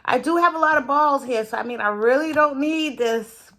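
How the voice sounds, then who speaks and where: A woman's voice: high-pitched, normal speed, fairly bright tone. A woman food vlogger chatting casually to her viewers while she cooks in a home kitchen, breaking off into muttered asides as she works. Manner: chatty, talks straight to viewers. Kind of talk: casual cooking and eating vlog.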